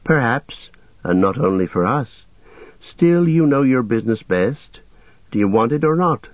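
A man's voice: medium pitch, animated, measured pace, no room sound, voice pushed up, natural voice. A man voicing a young male hobbit, speaking eagerly and urgently in a raised voice. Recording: tinny phone-like sound.

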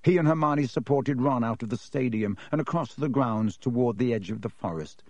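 Man, audiobook narration, expressive reading, dry studio sound. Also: medium pitch, normal speed, no echo, lo-fi sound. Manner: reads expressively, voices each character.

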